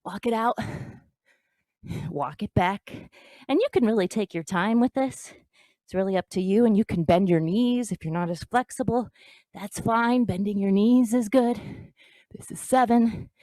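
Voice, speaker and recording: A woman instructor talks the viewer through a home workout, counting each rep and cheering them on. Her delivery is slow and deliberate at a middle pitch. The sound is dry and close. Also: mellow, dry recording. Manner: encouraging, counting reps aloud. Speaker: fitness instructor.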